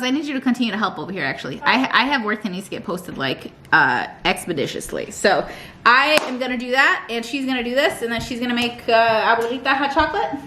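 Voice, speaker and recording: A woman's voice: sits high, bright, forceful tone, a little hiss or hum. A young woman vlogging casually at home in her kitchen, chatty and rambling, often restarting her sentences. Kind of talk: casual chat to camera.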